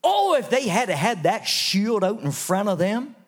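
A man from Canada preaching a revival sermon in church, dropping to hushed lows and rising to loud, soaring highs. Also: big pitch swings, normal speed, hardly any pauses.

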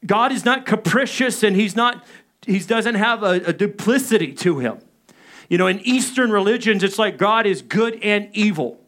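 Preaching a sermon at a normal speed, a male pastor in his thirties slips into an animated personal story. His voice sits high with a bright, forward quality, and he acts out his frantic moments, including his own panicked radio calls.

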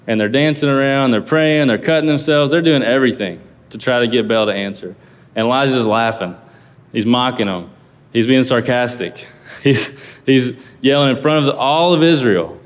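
A man, a pastor, giving a casual, conversational sermon, reading scripture aloud and explaining it with lively asides. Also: medium pitch, big-room sound.

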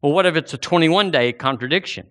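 A man's voice: fairly high pitch, fast, a bit bright. A man preaching a sermon with passion, rising into fervent outbursts.

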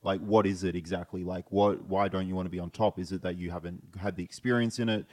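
A man talking as a podcast guest in casual chat, hesitant and halting as he searches for words. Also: low-pitched, fairly even intonation, darkish tone. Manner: hesitant, full of fillers and restarts.

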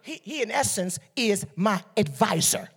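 A woman from Detroit preaching a sermon with call-and-response, swinging from soft teaching to shouted exhortation. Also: medium pitch, expressive, measured pace, husky. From Detroit, USA. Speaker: preacher and beauty coach. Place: church service.

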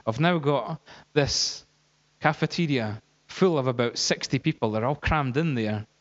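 A man's voice: medium pitch, a little slow, natural voice. A man voicing a kindly middle-aged professor who recounts events earnestly. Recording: dull, echoey hall.

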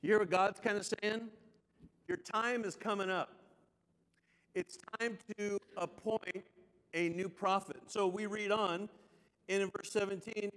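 A man's voice: high voice, steady tone, unhurried, long pauses, fairly bright tone, in a large hall, poor audio. A man preaching a sermon as pastor, with chatty, joking asides to the congregation.

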